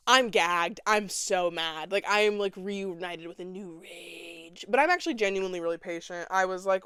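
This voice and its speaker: Sassy woman telling a story, smooth dry voice. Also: mid-range voice, animated, moderate pace, fairly bright tone, dry recording. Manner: dramatic, sassy, acts out other people's lines. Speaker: podcast host. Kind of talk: casual storytelling monologue.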